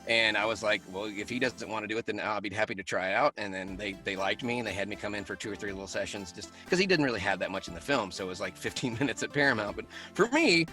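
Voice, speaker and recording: A man guest talks quickly in a bright, forceful voice and tells animated stories with frequent laughs. His voice sits slightly low. Faint music plays behind him. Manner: animated storyteller who laughs often. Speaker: voice actor guest. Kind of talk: casual interview chat.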